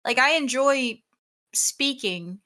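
A young woman in casual chat, talking about streaming with clear diction and animated, exasperated rants. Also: high voice, slow. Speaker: aspiring streamer.

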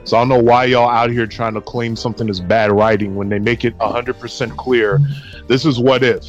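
A man with a mid-pitched voice speaks in a dismissive, swearing tone on a casual podcast. The audio is dull and lo-fi, with faint music behind him. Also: fairly even intonation, a little fast. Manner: profane, dismissive. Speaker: podcast co-host. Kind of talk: casual chat.

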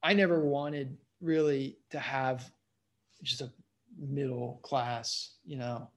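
A man's voice: mid-range voice, steady tone, takes it slowly. A man who works as a comedian, chatting loosely as a podcast guest, leaning on fillers and playful asides. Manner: loose, rambling, leans on "you know" and "like"; playful and joking. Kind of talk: casual interview chat.

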